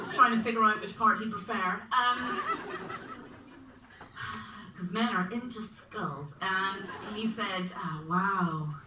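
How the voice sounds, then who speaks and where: Heard from a distance in an echoey club room with a noisy background, a stand-up comedian from Belfast, Northern Ireland performs live on stage. She has a mid-range voice and a middle-class Belfast accent, and her delivery is punchy, wry and self-mocking.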